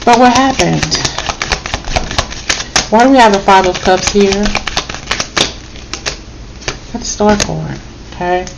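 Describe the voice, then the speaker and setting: A woman's voice: on the low side, gravelly, dull audio, background noise. A woman giving a casual spoken tarot reading, emotional and blunt, swearing and checking in with "okay?". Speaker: tarot reader.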